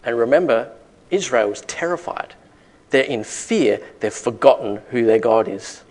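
A man's voice: mid-range voice, expressive, measured pace, darkish tone. A man preaching a sermon, emphatic, with rising rhetorical questions to the congregation. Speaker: pastor.

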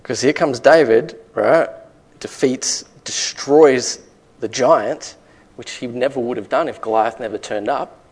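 A man's voice: mid-range voice, a little slow, a little mellow. A man preaching a sermon, emphatic, with rising rhetorical questions to the congregation. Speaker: pastor.

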